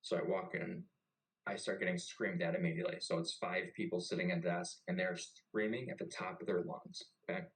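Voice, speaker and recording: A man's voice: low-pitched, a little fast, rough recording. A young man who served in the navy, telling a story in casual, profane chat. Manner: profane and animated. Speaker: podcast host and navy veteran.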